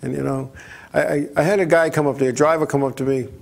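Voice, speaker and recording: A man hosting a racing talk show, telling stories in a rambling, animated way, often stumbling over and repeating his words. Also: fairly high pitch, fast talker, vocal fry. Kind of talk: casual talk-radio storytelling.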